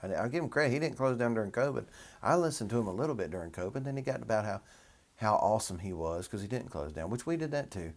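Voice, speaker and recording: Wry minister. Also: male voice, on the low side, expressive, fast talker, darkish tone. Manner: wry, chatty, sardonic, rambling asides. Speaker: minister and show host. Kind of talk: commentary on a news article.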